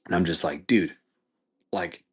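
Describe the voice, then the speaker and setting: Podcast host, young man, low voice, animated and profane storyteller. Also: normal speed. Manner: animated, swears, says dude a lot. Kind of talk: casual storytelling.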